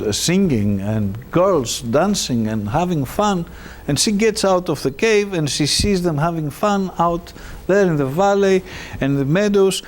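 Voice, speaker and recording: A man retelling an ancient myth in a lecture, animated and halting with fillers. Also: fairly high pitch, slight background noise. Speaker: presenter.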